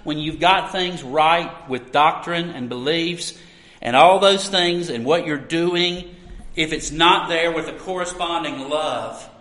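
A middle-aged man preaching a sermon as pastor, earnest, shifting between loud emphasis and quiet asides. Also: on the high side, takes it slowly, echoey room, low-quality recording.

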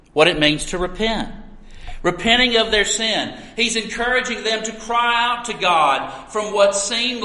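A man preaching a sermon as pastor, earnest and storytelling, with emphatic pauses. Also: high-pitched, bright, forceful tone. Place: church sanctuary. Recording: echoey hall with long reverb.

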